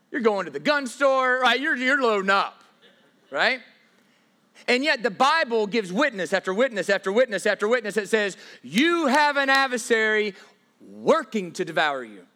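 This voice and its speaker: A man preaching with a high, bright voice that leaps up and down in pitch. He drives his points hard, dropping to a hush and then rising loud again. He often stumbles into repeated words as he restarts his sentences. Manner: emphatic, dramatic swings from loud to hushed; repeats himself and stammers on restarts. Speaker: pastor. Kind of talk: sermon.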